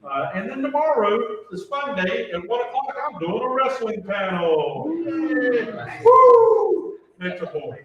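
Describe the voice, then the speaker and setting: A man, speaking as a convention panelist. He tells stories in a lively, rambling way with plenty of fillers. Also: sits high, normal speed, few pauses, highs cut off, a crowd in the background. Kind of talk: casual panel storytelling. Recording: echoey convention room, distant mic, faint noise.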